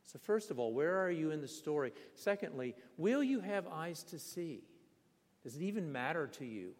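An older man preaching a sermon, telling personal stories with animated, vivid emphasis in a church. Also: on the high side, moderate pace. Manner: vivid, animated storyteller with bursts of emphasis and laughter. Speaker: pastor. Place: church sanctuary. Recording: long hall reverb.

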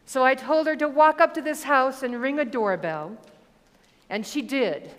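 A woman preaching a sermon, reading scripture and telling stories in a measured, deliberate way. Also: sits high, long reverb tail. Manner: measured, deliberate delivery with storytelling asides.

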